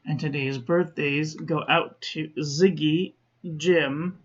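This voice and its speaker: A woman calmly reviewing fountain pen ink in a chatty vlog, often correcting herself as she talks to her viewers. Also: deep voice, takes it slowly, lo-fi sound. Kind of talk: unhurried product review.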